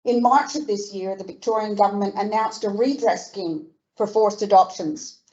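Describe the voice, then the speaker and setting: An older woman with an Australian accent, reading a prepared speech at a commemorative event in a measured, earnest way and stressing each point of a list. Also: mid-range voice, a little mellow, muffled recording. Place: museum function room.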